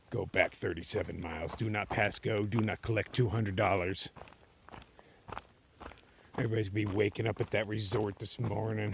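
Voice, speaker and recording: Laid-back, low-voiced hiker man. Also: gravelly, noisy background. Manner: laid-back, joking, swears freely. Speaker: thru-hiker vlogger. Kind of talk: casual vlog monologue. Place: outdoors on a mountain trail at dawn.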